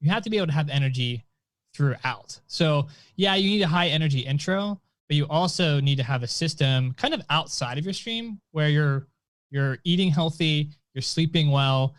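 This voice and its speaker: A man co-hosting a casual chat about streaming, speaking thoughtfully with pauses. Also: a little high, lively intonation, dry recording. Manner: thoughtful, with fillers and restarts. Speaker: co-host.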